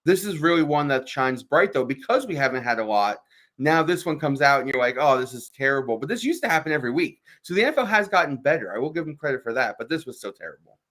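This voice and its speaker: Fast-talking man ranting on sports radio. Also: fairly high pitch. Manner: animated, emphatic ranting with frequent restarts. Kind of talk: casual sports talk.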